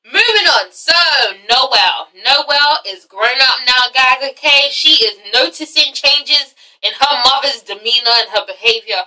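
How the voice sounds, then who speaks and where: A woman's voice: high voice, animated, a little slow, bright, forceful tone, far from the mic, poor audio. A young woman recapping a reality show in a chatty, sassy vlog, swearing freely. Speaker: TV recap vlogger.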